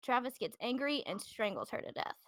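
A woman's voice: on the high side, animated, a little fast, fairly bright tone, no room sound, clean studio sound. A woman hosting a podcast, telling a true-crime story in a loose, chatty way with plenty of fillers and restarts. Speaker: podcast host. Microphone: podcast microphone.

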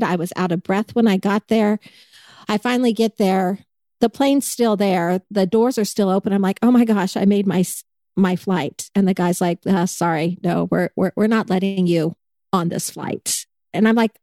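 A woman's voice: medium pitch, no room sound. A woman chatting casually as a co-host, telling stories animatedly and acting out the people in them. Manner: animated storyteller, acts out quoted people. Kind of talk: casual chat.

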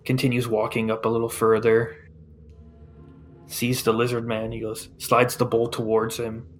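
A man narrating a tabletop game as game master, describing scenes in a measured way. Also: medium pitch, completely flat delivery, faint music behind.

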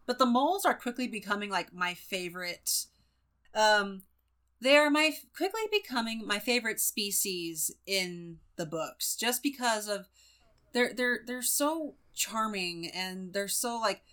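A woman's voice: mid-range voice, expressive, fairly bright tone. A woman from the US West Coast co-hosting a casual book podcast, enthusiastic and laughing often. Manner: enthusiastic, laughs often, quick agreeing interjections. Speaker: podcast co-host. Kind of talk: casual book-club chat.

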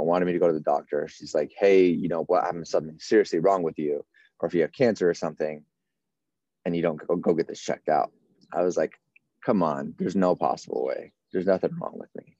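A man in his thirties with a low, mellow voice recounts a personal story casually, quoting what everyone said to him. The sound is dry, with a slightly dull, muffled top end. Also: no room sound. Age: 30s. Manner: casual, run-on retelling with many quoted exchanges. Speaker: firefighter guest. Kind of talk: storytelling in an interview.

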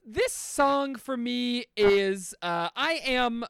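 A man's voice: very high voice, expressive, drawn-out words, gravelly, fairly bright tone, clean tone, no room sound, clean studio sound. A man on a comedy podcast, playful and loose, laughing often while telling stories. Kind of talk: comic storytelling and banter.

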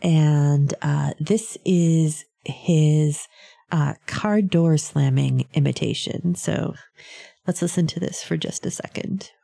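A woman with a deep, mellow voice and a gravelly edge talks through a science story in a loose, rambling way. She drifts along with plenty of ums and soft laughs, like a host chatting on her own show. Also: slow pace. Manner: chatty, meandering, with frequent ums and little laughs. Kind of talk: casual science chat.

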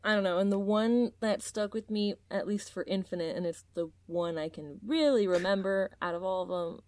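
Woman on a gaming podcast, kinda halting, hunting for words. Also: mid-range voice, darkish tone, dry recording. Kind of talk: casual gaming podcast chat.

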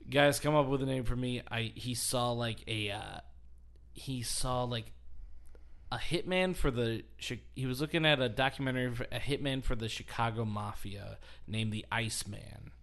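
A man hosting a podcast, telling long rambling stories in casual chat and breaking into quick laughs. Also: mid-range voice, creaky, fairly bright tone. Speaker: podcast host.

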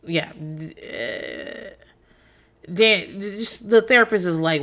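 A woman's voice: mid-range voice, animated, slow, a bit bright. A young woman telling candid, profane stories in casual chat. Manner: candid and profane, storytelling with laughs.

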